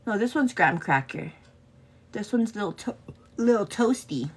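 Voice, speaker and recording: A woman's voice: mid-range voice, lively intonation, normal speed, slight background noise. A woman hosting a casual get-ready-with-me makeup show, chatting affectionately and greeting viewers in a sing-song way.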